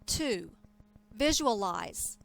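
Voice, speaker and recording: A woman teaching a lecture, explaining terms in a clear, measured way. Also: mid-range voice, expressive, poor audio. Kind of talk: scripted lecture.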